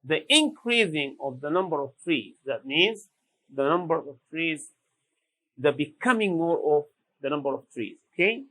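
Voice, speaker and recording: A man teaching English vocabulary, repeating each word slowly and deliberately. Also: fairly high pitch, lively intonation, pushed and bright, rough recording. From Sudan. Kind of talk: slow classroom vocabulary lesson.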